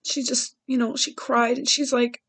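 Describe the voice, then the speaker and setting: A woman's voice: on the high side, flat delivery, normal speed, fairly bright tone, husky, no room sound, poor audio. A woman hosting a podcast, sharing a personal story in an earnest, heartfelt way with frequent restarts. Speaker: podcast host.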